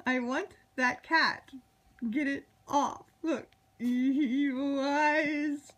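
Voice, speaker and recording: In her living room, a woman with a high, fairly bright voice films her pet cockatoo on a handheld camera, cooing and baby-talking to it and laughing often. Her intonation is fairly even, and she draws out her words in this casual home video chat.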